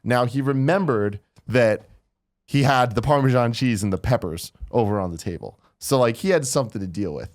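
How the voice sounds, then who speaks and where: A man hosting a podcast, telling a story in an animated, casual way, swearing freely and acting out the quotes. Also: mid-range voice, normal speed. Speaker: podcast host.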